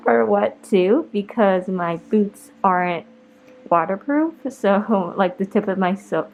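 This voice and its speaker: A young woman chats casually into her handheld camera for a vlog, rambling and giggling between thoughts. Her voice sits at an ordinary middle pitch, with faint background noise. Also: darkish tone, rough recording. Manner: chatty, giggly, rambling with many "like"s. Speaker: vlogger. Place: outdoors in rain and wind, then indoors at home.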